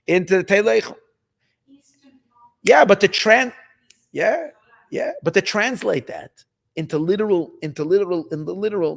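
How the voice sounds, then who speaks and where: Casting note: excitable male rabbi in a Torah class, high voice that swoops up and down. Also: vocal fry. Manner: excitable, emphatic, mixes Hebrew and Yiddish terms, repeats phrases. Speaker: rabbi teaching Hasidic text. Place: study hall.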